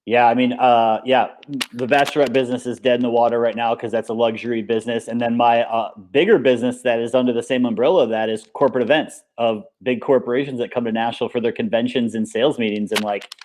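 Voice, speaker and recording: A man being interviewed in a relaxed chat, talking in an upbeat, rambling way, full of fillers. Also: medium pitch, fast. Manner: rambling and upbeat, many fillers like "like" and "you know". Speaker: interview guest, paintball coach and business owner.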